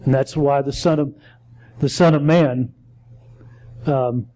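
Halting, mellow-voiced male Bible teacher. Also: fairly high pitch, rough recording. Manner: halting, stumbling, self-correcting.

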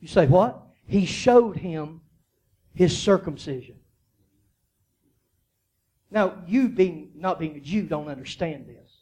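A man preaching a sermon, moving between quiet, low storytelling and loud, high-pitched shouting, often repeating his phrases. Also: animated, takes it slowly, long pauses, husky. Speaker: pastor.

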